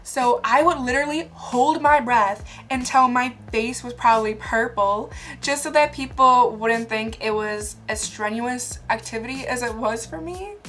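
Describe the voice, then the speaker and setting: A woman's voice: on the high side, a little slow, a bit bright, faint music behind. A young woman telling funny stories about herself in a casual vlog, chatty and laughing often. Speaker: vlogger. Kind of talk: casual storytelling to camera.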